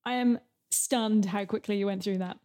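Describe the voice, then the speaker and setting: A woman's voice: mid-range voice, fairly even intonation, normal speed, warm tone. A woman co-hosting a podcast, chiming in with brief, dry comments in casual chat. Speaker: podcast co-host.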